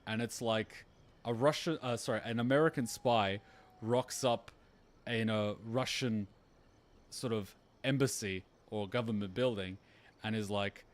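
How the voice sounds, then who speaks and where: A man's voice: fairly low pitch, unhurried. A young man streaming a game reaction, chatting casually, rambling through a long story with swearing and laughter. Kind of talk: casual chat over gameplay.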